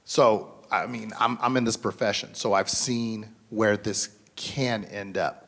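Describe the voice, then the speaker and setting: A man's voice: fairly low pitch, steady tone, measured pace. A man in his thirties or forties speaking at a school mental health symposium, earnest and conversational with many fillers and restarts. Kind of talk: symposium panel talk. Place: school event.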